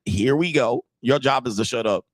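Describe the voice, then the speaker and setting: Male dating coach, emphatic reaction host, mid pitch, dry close sound. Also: moderate pace, dry recording. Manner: emphatic, conversational, repeats himself. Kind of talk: reaction commentary.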